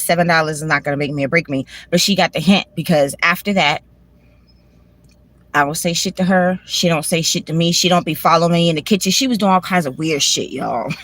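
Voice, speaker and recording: A woman's voice: low-pitched, a bit bright, no echo. A woman with a Washington DC accent, vlogging from her parked car on a phone, talking candidly and profanely in a rambling way. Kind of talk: casual emotional chat.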